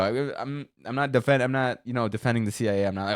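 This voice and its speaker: A man reacting to a video as a streamer, joking loudly and swearing freely in casual commentary on a close mic. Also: medium pitch, quick pace, few pauses, no echo.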